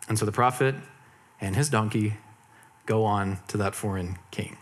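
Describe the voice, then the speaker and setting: A man's voice: fairly low pitch, normal speed. A preacher man retelling a story casually. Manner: relaxed, humorous asides and slangy retellings.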